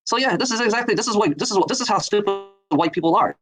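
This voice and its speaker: High-voiced man ranting angrily. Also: expressive, fast, music in the background, poor audio. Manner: angry, mocking, repetitive ranting. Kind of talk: profane ranting livestream talk.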